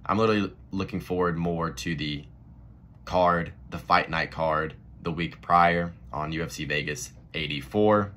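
A man with a low-pitched voice that still carries a bright, forceful edge. He rants bluntly and profanely in a casual vlog, jumping between annoyed griping and animated emphasis as he hosts his own channel. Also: unhurried, slight background noise. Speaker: MMA commentary vlogger. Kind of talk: casual rant to camera.

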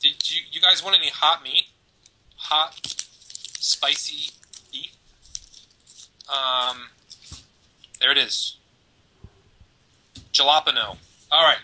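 A man's voice: fairly high pitch, pushed and bright, low-quality recording. A man co-hosting a parenting podcast, rambling and joking with many fillers as he hands out giveaways. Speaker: podcast co-host. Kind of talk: casual chat, giving away prizes.

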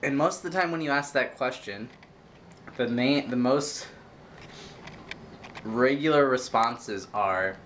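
A man's voice: medium pitch, takes it slowly, pauses often, a bit bright, a little hiss or hum. Upbeat man giving a casual pep talk. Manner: earnest, upbeat, rambling with fillers. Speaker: vlogger. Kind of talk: casual motivational vlog talk.

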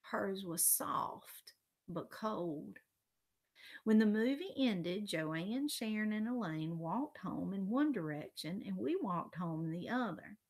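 Expressive woman reading a storybook. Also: medium pitch, takes it slowly. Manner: expressive, drops to a hush. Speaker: reader.

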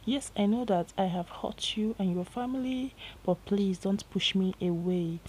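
A woman's voice: mid-range voice, unhurried, darkish tone, slight background noise, close to an everyday voice, low-quality recording. A Nigerian woman voicing Rose, an anxious, impulsive young woman pleading with her lover in a storybook reading. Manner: earnest, pleading, shaky at times. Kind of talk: storybook narration with voiced dialogue.

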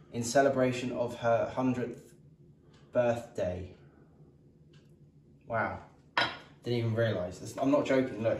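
A young British man hosting a comedy tutorial vlog at home, rambling and self-mocking with deadpan asides. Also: medium pitch, slight background noise. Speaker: comedy vlogger.

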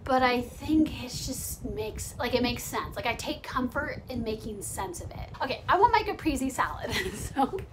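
A woman's voice: on the high side, lively intonation, moderate pace, hardly any pauses, background noise. A young woman vlogging at home, chatting casually and confessionally, laughing often and filling her talk with "like". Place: home during quarantine.

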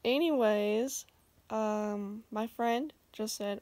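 A woman chats to her camera in a loose, rambling way and giggles often. Her voice sits a little high, and she takes her time over each thought. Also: takes it slowly, long pauses, darkish tone. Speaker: vlogger. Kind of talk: casual chat to camera.

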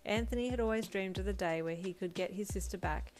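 A woman narrating a second-person fan story in a calm, even storytelling manner. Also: mid-range voice, fast talker, a little hiss or hum. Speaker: fanfiction reader. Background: faint lo-fi drum music.

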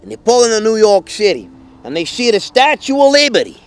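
A man's voice: high-pitched, very animated, a little fast. A man playing a crude wise guy. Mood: storytelling. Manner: crude, swaggering, swearing constantly. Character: brash boastful Italian-American wise guy obsessed with mortadella. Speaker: comic actor. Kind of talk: comedy sketch character.

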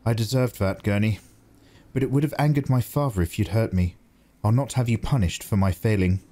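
A man voicing an earnest young male noble student, speaking a little higher than his narration. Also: brisk, dark tone, natural voice.

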